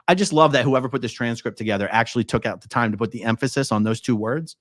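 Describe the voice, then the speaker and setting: A man's voice: mid-range voice, fast talker, few pauses, a bit bright, no echo, clean studio sound. A man hosting a casual live stream, reading a transcript aloud and adding chatty, wry asides to his viewers. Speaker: YouTube host. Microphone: own studio mic checked before streaming.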